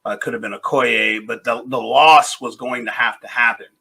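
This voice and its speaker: A man co-hosting a podcast, wry in casual chat and explaining things with many pauses. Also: medium pitch, fairly even intonation, creaky, sharp tone, slightly rough. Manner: wry, explains with frequent "uh" fillers. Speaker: podcast co-host.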